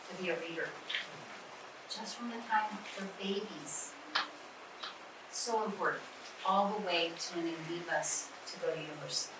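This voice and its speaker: A woman trainer talks teachers through reading instruction, leaning on repeated key words. She is picked up from across a hall with heavy echo. A steady hiss sits under her voice. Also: medium pitch. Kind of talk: workshop talk with questions. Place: conference room. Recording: echoey room from far off, noisy.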